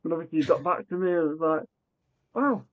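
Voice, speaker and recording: A man telling a story on a narrow, tinny line that sounds like a phone call. His voice sits a little high for a man, and he acts out every quoted line with lots of restarts and false starts. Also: very fast. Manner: animated, acts out quoted dialogue, frequent restarts. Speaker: podcast guest. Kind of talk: conversational storytelling.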